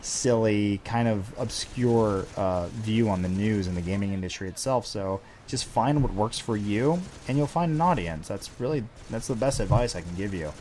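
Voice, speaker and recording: A man's voice: on the low side, moderate pace, few pauses, a little mellow, a little hiss or hum. Dry, sarcastic man hosting a Q&A. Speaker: host answering viewer questions. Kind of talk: casual Q&A chat.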